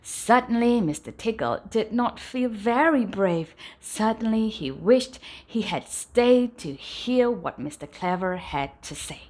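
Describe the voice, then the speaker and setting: Animated woman reading a bedtime story. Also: a little high, slow, few pauses. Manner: animated storytelling, dropping softly at sentence ends. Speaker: storybook reader. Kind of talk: bedtime storybook read-aloud.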